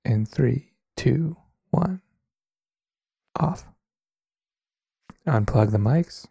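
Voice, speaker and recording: Gravelly young man, dry comedy co-host. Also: mid-range voice, lively intonation, drawn-out words, warm tone, no echo. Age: young adult. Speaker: podcast co-host. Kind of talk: scripted comedy podcast.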